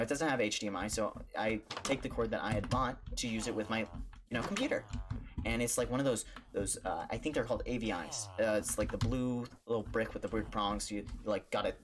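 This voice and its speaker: A man who streams, telling a jokey story in a casual, animated way, stumbling over restarts and acting out the voices in his story. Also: lowish voice, background noise. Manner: animated, jokey, with stammered restarts and acted-out quotes.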